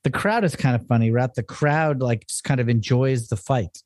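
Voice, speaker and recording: A man's voice: medium pitch, moderate pace, a little mellow, no echo. Wry man on a dry mic. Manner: wry, joking, recaps the plot. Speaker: podcast co-host. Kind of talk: casual comics discussion.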